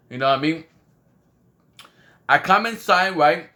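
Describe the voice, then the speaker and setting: A storyteller rambles through an anecdote in casual speech, repeating "you know what I mean" and acting out other people's lines in their voices. His voice is a little high, bright and pushed, with lively intonation, an unhurried pace and long pauses.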